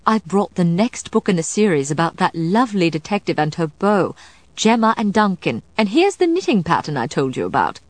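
A woman's voice: lowish voice, big pitch swings, normal speed, no room sound. A woman voicing a chatty, eager older woman witch who likes to share gossip and books.

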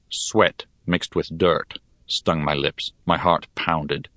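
A man narrating a fantasy story in the first person, in a measured, expressive way. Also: a bass voice, no echo, studio quality. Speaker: audiobook narrator.

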